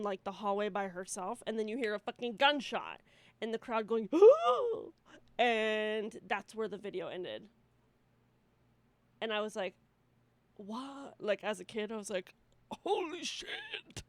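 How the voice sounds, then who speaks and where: Animated young woman, dry close sound. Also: a little high, dry recording. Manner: animated storytelling, frequent swearing and laughter. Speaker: podcast co-host. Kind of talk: casual chat.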